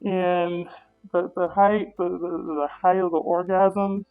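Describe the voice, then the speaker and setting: A woman telling a wild story in casual talk, animated and full of swearing, acting out her own reactions with sudden high, loud bursts. The audio is dull and lo-fi, with faint music underneath. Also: slow. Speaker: interview guest.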